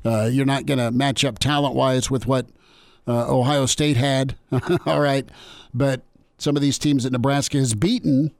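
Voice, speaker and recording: A man's voice: medium pitch, steady tone, normal speed, gravelly, no echo. A man hosting a sports radio show, talking casually and repeating words as he restarts. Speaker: radio host.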